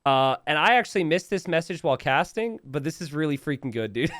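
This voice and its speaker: A game caster reacts to his viewers' memes on stream, his voice on the high side and unhurried, with long pauses. He's animated and giggly, often laughing mid-sentence, teasing his audience, chatting freely, and correcting himself.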